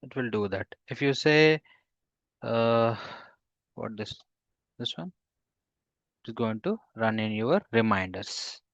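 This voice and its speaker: A man teaching a live coding class, halting with fillers and restarts, often putting questions to his students. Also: medium pitch, animated, fairly bright tone, no echo, muffled recording. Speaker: instructor.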